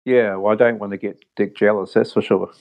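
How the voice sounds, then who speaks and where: A man's voice: lowish voice, steady tone, fairly quick, lo-fi sound. A man with an accent that sounds a bit British, a guest on a podcast, talking hesitantly with many ums and restarts. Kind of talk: casual podcast chat.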